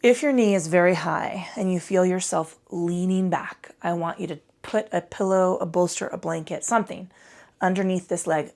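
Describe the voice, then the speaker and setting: Woman yoga teacher, low voice, gravelly, swears freely, rambling, tired. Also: normal speed, a little mellow. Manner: chatty, profane, rambling asides. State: tired from little sleep. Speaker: yoga instructor. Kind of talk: casual guided yoga class. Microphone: microphone.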